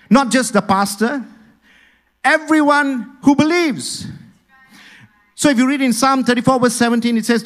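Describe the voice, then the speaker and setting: A male pastor preaching a sermon, energetically urging the congregation to repeat after him and respond. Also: very high voice.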